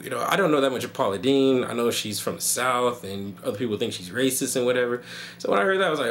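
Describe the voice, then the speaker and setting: A man's voice: medium pitch, big pitch swings, fast talker, a little hiss or hum. A man vlogging a rambling, joking comedic rant.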